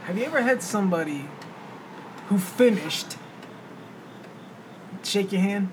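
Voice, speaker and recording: A man's voice: sits high, animated, a little slow. A man co-hosting a podcast in casual chat, teasing his friend and telling jokey stories. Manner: teasing, joking storyteller. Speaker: podcast co-host. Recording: noisy room ambience.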